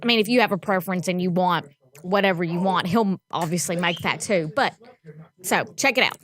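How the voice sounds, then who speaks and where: A woman's voice: lowish voice, fairly quick, a bit bright. A woman, a co-host chatting enthusiastically about a local restaurant. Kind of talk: casual chat.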